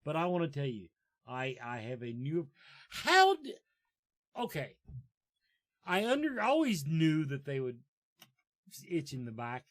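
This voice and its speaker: A man hosts a casual chat show, rambling from one joke to the next. His voice sits a little high and swings up and down with animated energy. He talks into a studio mic. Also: unhurried, pauses often. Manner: joking, rambling, lively talk. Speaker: show host.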